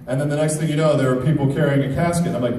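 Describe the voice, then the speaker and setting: A man in his thirties, a guest at a fan panel, telling stories with excited bursts of quoted voices. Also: fairly high pitch, very fast. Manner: lively storyteller, jumps into loud excited quoted voices. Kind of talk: animated anecdote at a fan panel. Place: large convention hall with audience. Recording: very echoey hall, far from mic, crowd noise.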